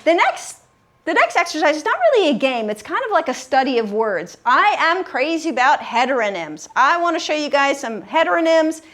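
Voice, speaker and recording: A woman leading a group word game class, upbeat and encouraging, slowing down to stress syllables. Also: high-pitched, sing-song, a bit bright. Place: room with a live group.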